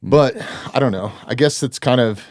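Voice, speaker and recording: A man hosting a podcast, chatting in a relaxed, reflective way with many fillers. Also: medium pitch, normal speed, dry recording, studio quality. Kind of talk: casual conversation.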